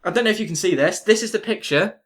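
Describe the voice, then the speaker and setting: A young man co-hosting a casual chat, telling a story in an animated way, swearing freely and often checking in with "right?". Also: sits high, fast. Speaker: co-host.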